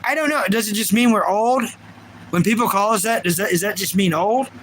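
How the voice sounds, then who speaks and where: Speaking briskly in a high, fairly bright voice, a man in his thirties reads viewer comments on his livestream. His chatter rambles and restarts frequently, with a little hiss or hum in the recording.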